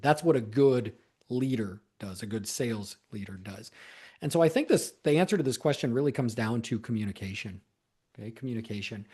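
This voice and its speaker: A man's voice: medium pitch, a little mellow. A man speaking as a sales coach, giving conversational advice in a solo talk, often repeating words and stressing key points.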